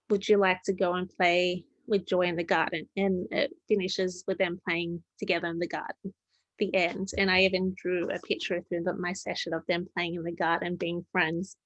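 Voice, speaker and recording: A woman reading her own story aloud, with plain, unhurried narration and small slips she corrects. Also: lowish voice, flat delivery, dry recording, muffled recording.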